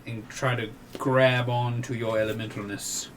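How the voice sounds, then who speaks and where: A man's voice: medium pitch, flat delivery, normal speed. Male game master, plain mid voice, tallies dice aloud, faint noise behind. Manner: rolls dice aloud, counts damage with flair. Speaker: dungeon master. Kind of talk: narrating a tabletop game.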